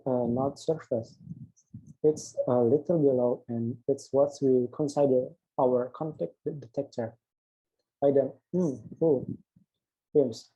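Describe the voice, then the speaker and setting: A young male student presents an assignment by reading an interview script aloud, playing both host and guest while stumbling and restarting on words. His voice is medium-pitched with a dark, slightly rough tone, and the recording quality is low.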